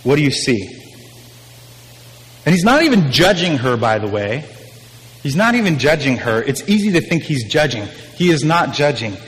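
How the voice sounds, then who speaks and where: A man's voice: on the high side, very animated, normal speed, fairly bright tone. Man, preacher, sermon, conversational, emphatic, repeats phrases, long hall reverb.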